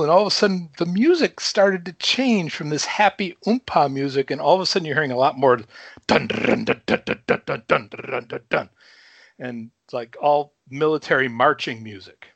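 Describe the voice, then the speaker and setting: A man in his fifties from Chicago, guest on a casual talk show, telling a story with lively energy, swearing freely and chuckling between lines. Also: sits high, brisk, hardly any pauses, no echo. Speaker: podcast guest.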